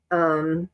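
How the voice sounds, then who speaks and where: Woman, sewing-stream host: rambling, chatty, restarts a lot, a bit low, stuffy from a cold. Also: clear, resonant tone, dull audio. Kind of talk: casual chat while sewing on a live stream.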